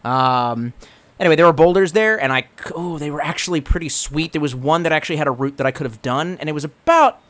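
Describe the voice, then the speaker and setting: On a casual livestream, a man with a voice on the high side talks fast, reading the chat out loud. His rambling is laced with swearing and stammered restarts, and his mood lurches between excited and gloomy.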